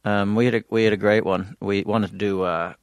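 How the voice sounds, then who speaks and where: Rambling man telling pitch stories. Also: level tone, a little fast, smooth, no room sound. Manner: rambling storyteller, chatty with many restarts. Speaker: podcast co-host. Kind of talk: casual chat.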